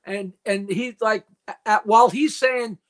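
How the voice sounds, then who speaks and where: A man's voice: high voice, measured pace, a bit bright. An older man in his seventies from New York, a comedian guest in a casual call-in chat, rattling off dirty jokes and stories.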